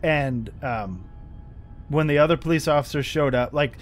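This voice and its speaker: A man's voice: on the high side, normal speed, soft background music. An American man hosting a gaming channel, giving rambling, frustrated commentary over gameplay with lots of swearing and restarts. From United States.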